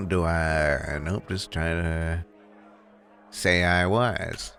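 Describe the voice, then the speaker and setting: Man reading a coy male raccoon sleuth for a game; low, unhurried, dry. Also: steady tone, vocal fry, fairly bright tone, soft background music, full character voice. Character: male raccoon private photographer, cocky and coy. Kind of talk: reading game dialogue aloud.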